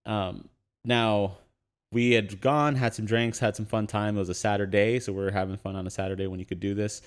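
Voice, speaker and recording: A young adult man casually telling an animated anecdote on a podcast, laughing often and using lots of fillers. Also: lowish voice, a little fast, clean tone.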